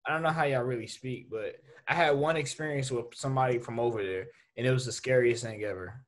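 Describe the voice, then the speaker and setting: A young man co-hosting a podcast, telling stories in an animated way and laughing often. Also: mid-range voice, fast. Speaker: podcast co-host. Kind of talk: casual chat.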